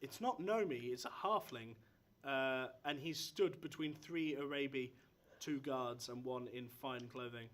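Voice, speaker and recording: A man narrating as game master of a live tabletop game, animated, breaking into shouted character voices. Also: mid-range voice, a little slow. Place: live stage before an audience.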